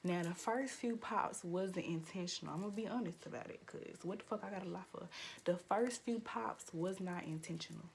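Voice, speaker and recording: A young woman vlogger telling a profane, animated story-time rant with lots of "like" fillers, jumping into high, loud quoted lines. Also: moderate pace, creaky, a little hiss or hum. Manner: acts out quotes in sudden high, loud bursts.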